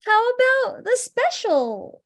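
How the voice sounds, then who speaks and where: Female reader as a slangy young waitress, very high and lilting. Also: sing-song, slow, full character voice. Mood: breezy. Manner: breezy, chatty. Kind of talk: amateur script reading.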